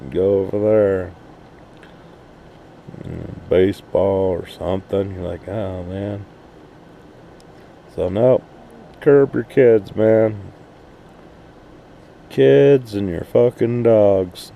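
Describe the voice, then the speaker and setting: A man's voice: fairly low pitch, steady tone, slow pace, gravelly, pauses often, phone-quality sound, slight background noise. A man in a profane, blunt, rambling casual rant, recorded outdoors at night at an RV park. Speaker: RV vlogger.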